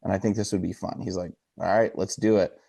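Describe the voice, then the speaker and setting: A man's voice: deep voice, fairly even intonation, fairly quick, creaky, warm tone, dry recording, studio quality. A man in his thirties co-hosting a podcast, telling rambling anecdotes in an easygoing way. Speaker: podcast co-host. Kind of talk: casual chat.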